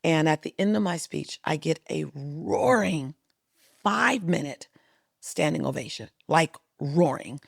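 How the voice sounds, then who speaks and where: A middle-aged woman with a gravelly edge to her voice tells a story as a podcast guest. She is animated and acts out the people she quotes, with a dry, close sound. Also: sits low, measured pace, no room sound. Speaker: guest speaker.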